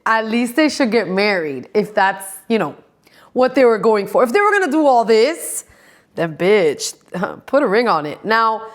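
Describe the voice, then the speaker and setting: Swearing, gossipy woman podcast host. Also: medium pitch. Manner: profane, gossipy, laughs often. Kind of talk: casual gossip chat.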